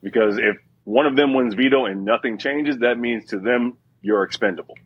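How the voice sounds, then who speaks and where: A man on a video call giving a measured analysis, padded with "like", over muffled lo-fi call audio. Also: medium pitch, husky. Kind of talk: casual panel chat on a video call.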